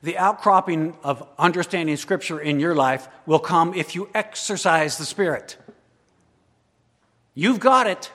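A man preaching a sermon as pastor, swinging between loud emphatic declarations and quiet, intimate asides. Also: on the high side, unhurried. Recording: long hall reverb.

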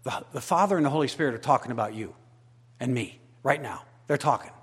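Emphatic preacher in a reverberant hall. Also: male voice, mid-range voice, fast, husky. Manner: swings from loud emphatic declarations to quiet intimate asides. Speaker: pastor. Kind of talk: sermon.

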